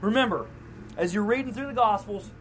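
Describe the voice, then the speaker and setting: In this sermon, a pastor speaks casually and a little fast, now and then voicing characters from the story he's telling. The pitch sits in the middle range, the audio quality is poor, and a low hum runs underneath.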